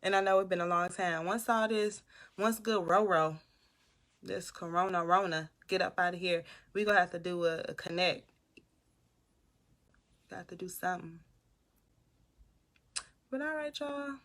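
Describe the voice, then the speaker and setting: A bright-voiced young woman talks casually to her viewers in a live stream from her room at home. She chats easily and answers their comments as she goes, into a phone or webcam. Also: on the low side, measured pace, pauses often. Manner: chatty, reads and answers comments aloud. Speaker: motivational livestream host.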